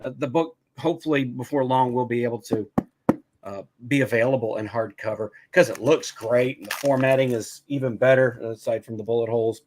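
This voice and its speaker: A man, an indie author, talking in casual chat on a podcast, halting and full of fillers. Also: medium pitch, background noise. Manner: halting, lots of fillers and restarts.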